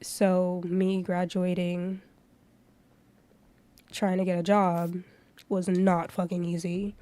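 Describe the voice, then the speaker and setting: A woman's voice: on the low side, level tone, takes it slowly, warm tone. Young woman streamer, casual, swears constantly, blunt venting storyteller. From Florida. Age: 20s. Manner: profane, ranting storyteller. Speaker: livestreamer.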